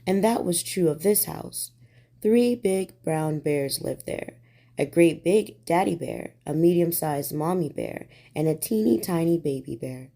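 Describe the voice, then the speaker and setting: A woman reading a bedtime storybook aloud in a gentle, soothing way. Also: low-pitched, animated, unhurried, vocal fry.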